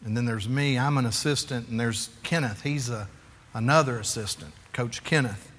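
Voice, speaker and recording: A man in his forties preaching a sermon as a pastor, animated and confessional, acting out quotes and calling for amens. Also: mid-range voice, moderate pace, a little hiss or hum. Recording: echoey hall.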